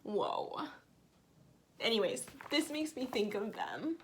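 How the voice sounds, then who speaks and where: Chatty woman vlogger with lively pitch. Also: slow, a little hiss or hum. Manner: chatty, emotional storytelling. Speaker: flosstube vlogger. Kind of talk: casual chat. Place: home.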